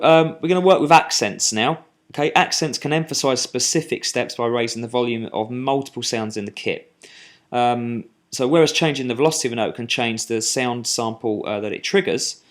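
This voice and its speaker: A man giving a screen-recorded music software tutorial, talking while he clicks, with fillers and restarts. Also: mid-range voice, moderate pace.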